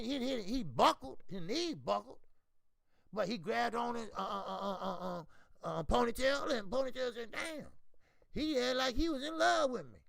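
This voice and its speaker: The host of this boxing channel has a very high-pitched voice with vocal fry, recorded with no room sound. He keeps the stream casual and profane, answering viewers by name in an animated way.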